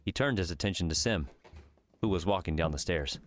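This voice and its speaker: Deep-voiced male audiobook narrator. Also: brisk. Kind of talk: scripted narration.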